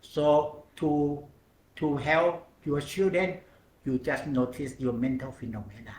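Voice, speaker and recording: Male meditation teacher, halting broken phrasing, slightly raised pitch, roomy echo. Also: fairly even intonation, a little mellow. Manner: slow, halting non-native English in short phrases with pauses. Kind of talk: dharma talk on mindfulness.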